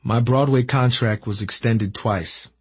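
A man in his thirties from Philadelphia reads his memoir aloud in a reflective, measured way. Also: mid-range voice, slightly rough, no room sound. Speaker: narrator reading his memoir. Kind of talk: audiobook memoir narration.

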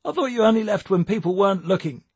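A man's voice: very high voice, lively intonation, unhurried, bright, forceful tone, slightly rough, dry recording, voice pushed up, full character voice. A man doing a cheeky teasing young man. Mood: playful. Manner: playful, teasing.

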